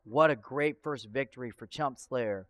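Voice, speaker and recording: A man giving play-by-play commentary at a fighting game tournament, getting excited and shouting at big moments. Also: medium pitch, moderate pace, dry recording. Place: gaming venue. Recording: music clearly underneath. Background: music.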